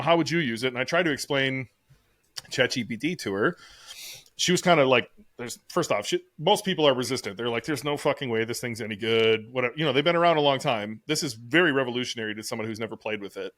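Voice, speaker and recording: Fast-talking, rambling podcast co-host man. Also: mid-range voice, fairly bright tone, dry recording, clean studio sound. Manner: fast, rambling, profane storytelling. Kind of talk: casual chat.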